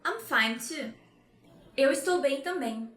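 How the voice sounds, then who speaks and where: A woman from Brazil with a Brazilian Portuguese accent, teaching beginner phrases and repeating them slowly. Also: sits high, animated, a bit bright, roomy sound. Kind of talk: bright lesson presentation.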